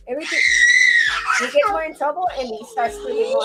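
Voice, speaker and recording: A woman with a high, bouncy voice talks in a casual vlog as a mother, chatty and exasperated while scolding a toddler. Music plays clearly behind her. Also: sing-song, measured pace, pauses often, raised voice. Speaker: mother and vlogger.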